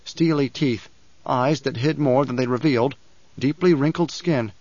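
A man's voice: mid-range voice, moderate pace, a little mellow, dry recording. Man narrating an audiobook, dry sound. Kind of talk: scripted narration. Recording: dry, slightly dull.

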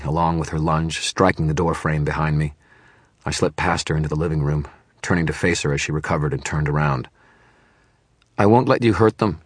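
Super deep husky guy narrating an audiobook, grim and steady. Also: dry recording. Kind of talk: first-person audiobook narration.

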